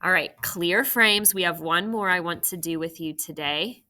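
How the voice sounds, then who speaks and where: A woman's voice: fairly low pitch, normal speed, pushed and bright. A woman teacher giving a recorded phonics lesson to young children, patiently sounding out syllables and asking questions.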